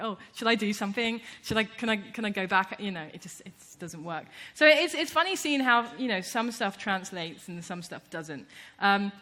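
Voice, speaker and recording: A woman's voice: fairly high pitch, sharp tone. A woman artist giving a casual conference talk, chatty and full of fillers and restarts, acting out what people said. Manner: chatty, many fillers and restarts, acts out quotes. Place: conference stage before an audience.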